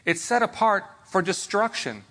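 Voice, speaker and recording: A man with a somewhat high voice delivers a sermon. He talks in an easy, conversational way and keeps checking in with his listeners with quick questions. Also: big pitch swings, a bit bright. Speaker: preacher.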